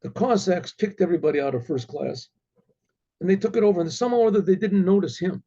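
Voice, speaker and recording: A male rabbi telling a story, halting and repeating himself with many asides. His voice is gravelly and husky, fairly high for a man. The recording sounds dull and lo-fi. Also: mellow. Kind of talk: oral storytelling.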